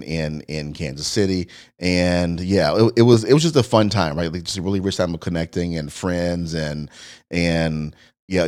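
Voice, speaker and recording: A man's voice: sits low, a little mellow. A middle-aged man hosting a podcast in casual chat, upbeat and laughing often. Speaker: podcast host.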